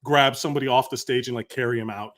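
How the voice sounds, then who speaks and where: A man who is a comedian and podcast co-host, talking in an animated, profane way and laughing often in casual chat. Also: medium pitch, fast.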